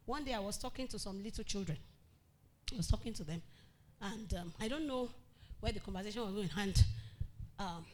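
A woman pastor preaching a sermon to a congregation, animated, acting out quotes and calling out loudly. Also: medium pitch, brisk, pauses often, a little hiss or hum.

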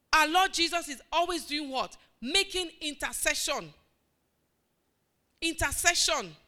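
A woman's voice: high voice, sharp tone. A woman preaching a sermon, emphatic and repetitive, asking the congregation questions and answering them. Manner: emphatic, repeating phrases with call-and-response.

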